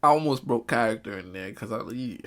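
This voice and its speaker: A man's voice: medium pitch, lively intonation, brisk, fairly bright tone. A young man telling a comic school story in a storytime vlog, acting out quotes. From Jamaican family, Caribbean community. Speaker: vlogger.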